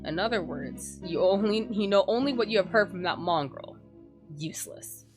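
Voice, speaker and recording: A woman's voice: mid-range voice, lively intonation, moderate pace, natural voice. A woman voicing an arrogant young male noble in a game, delivering scornful, imperious insults over background music.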